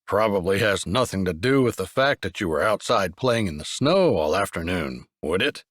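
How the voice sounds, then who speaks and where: A man narrating an audiobook drops his voice for a steady older brother who answers with dry exasperation. The sound is close and dry, lively in its rises and falls. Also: low voice, moderate pace, dry recording, pitched below the performer's own voice. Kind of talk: audiobook character voice.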